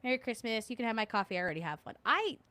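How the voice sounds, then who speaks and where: A woman hosts a casual livestream, reading viewers' comments aloud, joking, laughing often and humming little filler tunes. Her voice is a little high with a sharp tone, very animated and very fast. There's no room sound.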